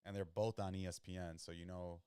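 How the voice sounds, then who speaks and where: A man's voice: deep voice, little pitch movement, brisk, mellow, smooth, dry recording, studio quality. A young man hosting, giving loose, slangy commentary while he watches football and reacts to plays. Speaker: podcast host watching football. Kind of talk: casual live-watch commentary.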